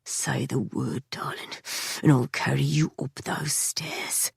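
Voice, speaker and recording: Woman reader doing brooding young man, low murmur, dry close mic. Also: fairly even intonation, moderate pace, breathy edge, no echo. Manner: low, hushed, half-whispered. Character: brooding gruff young man, wry and menacing.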